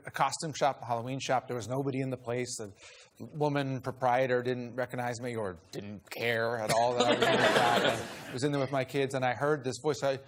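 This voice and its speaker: A man as an interview guest, telling a casual anecdote with self-deprecating chuckles and halting restarts. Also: mid-range voice. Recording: noisy broadcast clip.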